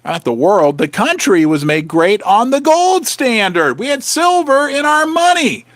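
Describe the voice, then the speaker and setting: Animated, chatty man in his fifties. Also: extremely high pitch, measured pace, no echo. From Saint Louis, Missouri, USA. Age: 50s. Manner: chatty, excitable, joking, rambling with self-interruptions. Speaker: livestream host. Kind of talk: casual livestream chat. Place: his basement.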